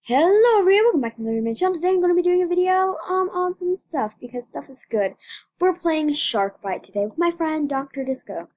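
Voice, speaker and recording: Young female channel host with a high voice; casual, dramatic gameplay commentary with lots of repetition. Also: big pitch swings, a little fast, darkish tone. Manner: chatty, dramatic, repeats phrases.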